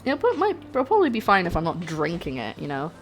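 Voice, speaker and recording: A young woman with a slightly low voice cooks on a live stream. She talks in a loose, rambling way to her chat while stirring pots in her kitchen. Faint music plays behind her. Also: wildly swooping pitch, fast. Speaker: cooking streamer. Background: faint background music.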